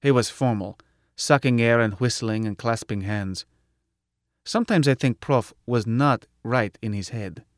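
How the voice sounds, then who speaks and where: A man's voice: medium pitch, measured pace, dry recording, clean studio sound. A man narrating a story in the first person, with blunt, clipped phrasing. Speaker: audiobook narrator.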